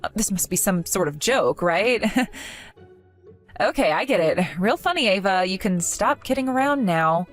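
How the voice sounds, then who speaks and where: A woman voicing a trusting young woman who pleads with a friend and is bewildered by her cruelty, in an animated story. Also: mid-range voice, moderate pace, faint music behind, lightly acted. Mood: confused. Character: earnest trusting young woman, easily hurt.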